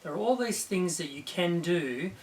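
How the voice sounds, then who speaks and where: Encouraging throat-clearing male teacher. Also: high voice, animated, moderate pace, far from the mic, slight background noise. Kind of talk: recorded video lesson for students.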